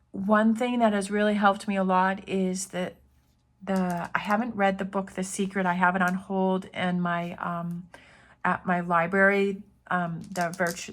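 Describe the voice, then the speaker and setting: A woman's voice: medium pitch, fairly bright tone. A woman tarot reader giving an earnest, encouraging spiritual pep talk, often repeating her phrases.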